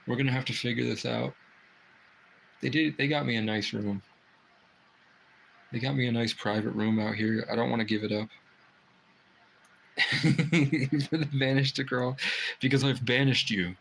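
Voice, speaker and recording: Male livestream host, mid-pitched, rambling and profane, casual chat from a private room. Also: fairly even intonation, normal speed, gravelly, pauses often, a bit bright, a little hiss or hum, rough recording.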